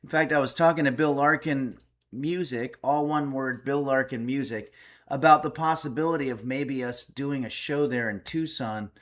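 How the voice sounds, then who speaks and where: A man's voice: medium pitch, normal speed, a bit bright. A man hosting a casual home livestream, reading viewer messages aloud and answering with wry, chatty remarks. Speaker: streamer and cooking host.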